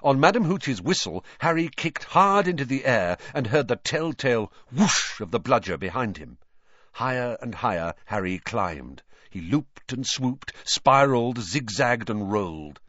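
A man narrating a children's fantasy novel in a dramatic, lively reading. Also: mid-range voice, a little slow, dry recording, dull audio. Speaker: audiobook reader. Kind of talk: storybook narration.

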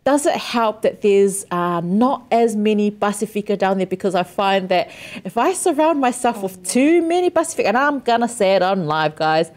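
A woman's voice: mid-range voice, lively intonation, moderate pace, few pauses, a little mellow. Rambling New woman co-hosting. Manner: apologetic, rambling with many ums and laughs. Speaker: podcast co-host. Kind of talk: casual chat.

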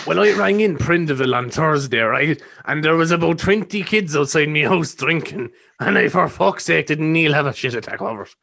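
A young Irish man hosting a podcast, telling stories excitedly and swearing freely in casual chat. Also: on the high side, brisk, creaky, few pauses. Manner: excitable storyteller, swearing, laughing. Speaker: podcast host.

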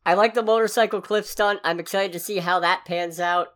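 A woman's voice: on the low side, steady tone, a little fast, a bit bright. A woman co-hosting a podcast, chatting casually with a sarcastic, ranting edge. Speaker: podcast co-host. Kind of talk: casual chat.

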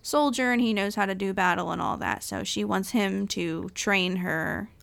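A woman's voice: medium pitch, moderate pace, vocal fry. A woman co-hosting a podcast, chatting casually as she recaps a film scene by scene and acts out the characters' lines. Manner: animated storytelling with acted-out quotes and laughter. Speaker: podcast co-host.

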